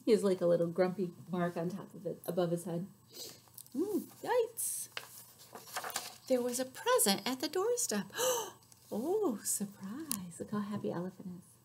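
Animated woman reading aloud to kids. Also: mid-range voice, moderate pace, slight background noise. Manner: animated, sing-song, with sudden shouts and whispered asides. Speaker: children's librarian. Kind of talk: story time read-aloud. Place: library.

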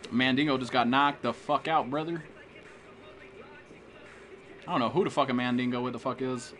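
A man's voice: medium pitch, steady tone, moderate pace, fairly bright tone, soft background music. Foul-mouthed man trash-talking while gaming. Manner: profane trash-talk, greeting chat viewers. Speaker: game streamer. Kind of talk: live gameplay commentary.

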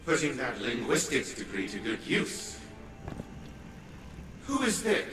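A man's voice: medium pitch, sing-song, measured pace, a bit bright, faint music behind. An actor playing a condescending elderly scientist who is the heroine's grandfather, speaking in a haughty, sneering game voice. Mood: scornful. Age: older. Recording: echoey hall reverb with noise.

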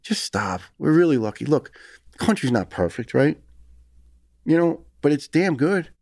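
A man's voice: on the high side, animated, moderate pace, gravelly, a little mellow, dry recording, studio quality. A man in his fifties with a New York accent, talking earnestly and emphatically as a guest on a podcast interview. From United States. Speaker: retired firefighter guest.

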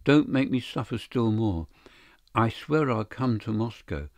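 A man's voice: medium pitch, lively intonation, unhurried, gravelly, no echo. A man voicing a frightened young married woman in an audiobook, breathless and imploring. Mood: hushed pleading. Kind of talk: audiobook character reading.

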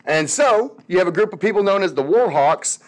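A man's voice: high voice, animated, a little fast. A man giving a casual history lecture, chatty and slangy, acting out the people he quotes. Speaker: history teacher.

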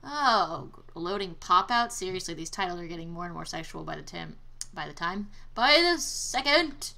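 A woman's voice: lowish voice, moderate pace, pushed and bright. A young woman giving casual let's-play commentary, exclaiming at failures and trading sarcastic asides with the game. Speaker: gameplay commentator.

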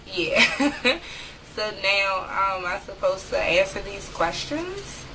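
A young woman, vlogging casually from home, chatty and quick to laugh. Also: mid-range voice, sing-song, noisy background. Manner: chatty, laughs easily, talks to viewers. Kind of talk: casual vlog, reading a word list aloud. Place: room at home.

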